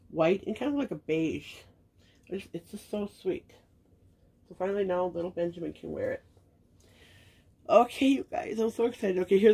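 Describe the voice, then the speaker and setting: Gravelly, soft-spoken woman gushing over baby clothes. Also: lowish voice. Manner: gushing and sentimental, soft-spoken with frequent fillers. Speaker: reborn doll collector and channel host. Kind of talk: casual unboxing chat to viewers.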